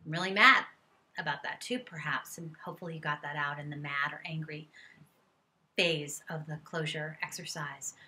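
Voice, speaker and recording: A woman's voice: deep voice, flat delivery, normal speed, pushed and bright, slight background noise. A middle-aged woman therapist giving earnest, coaching advice straight to her viewers and sometimes voicing angry statements as examples. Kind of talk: direct-to-camera advice talk.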